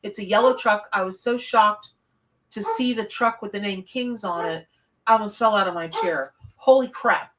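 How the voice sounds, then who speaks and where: A woman's voice: mid-range voice, normal speed, far from the mic, noisy background. A woman, live-streaming a tarot reading from her home office, chatty and effusive as she greets viewers. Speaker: tarot reader on a livestream.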